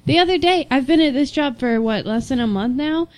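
A woman's voice: high voice, fairly quick. A young woman chatting casually, telling stories and acting out what people said. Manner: animated storyteller, acts out quoted voices. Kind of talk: casual chat.

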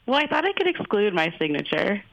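A woman's voice: medium pitch, sing-song, brisk, gravelly, lo-fi sound, slight background noise. A woman chatting as a listener guest on a radio show, easygoing with hesitant fillers. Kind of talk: casual interview.

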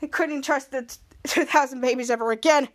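A woman's voice: high-pitched, fairly quick, a bit bright. A woman hosting a podcast, retelling a show episode in a casual, rambling way, often correcting herself mid-line. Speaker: podcast host.

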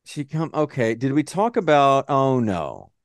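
A man from Texas with a Texan accent, co-hosting a casual movie-review podcast and ranting in a profane, animated way. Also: medium pitch, unhurried, dry recording, studio quality. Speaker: podcast co-host.

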